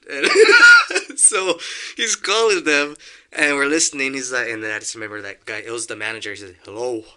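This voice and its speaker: Young guy spinning a funny story, super bright voice, does little voices for people. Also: fairly low pitch, very fast, clean tone. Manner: animated storyteller, acts out quotes, laughs often. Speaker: podcast guest. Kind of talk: casual storytelling.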